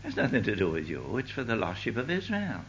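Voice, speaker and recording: An older man preaching a sermon with fervent delivery, swinging from loud declaiming to hushed asides. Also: fairly low pitch, wildly swooping pitch, brisk, lo-fi sound, slight background noise.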